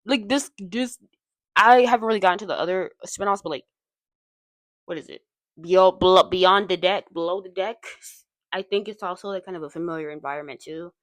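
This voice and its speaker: Woman, video essay host, casual commentary, digressive, chatty, lower voice, slightly strained, dry close sound. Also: brisk, no echo. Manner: chatty and digressive, many asides. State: voice tiring and strained.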